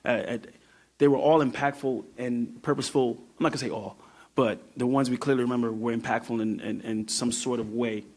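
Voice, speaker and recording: A man's voice: mid-range voice, fairly even intonation, brisk, darkish tone. A young man from New York, a guest on a podcast, talking over his music career in a reflective way, often trailing off and starting over. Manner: reflective, trailing off and restarting thoughts. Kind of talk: casual podcast conversation.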